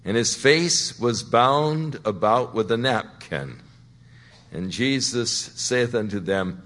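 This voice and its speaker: Male pastor, sermon, slow delivery, bright tone, conversational. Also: mid-range voice, lively intonation. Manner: conversational preaching, rising to emphatic.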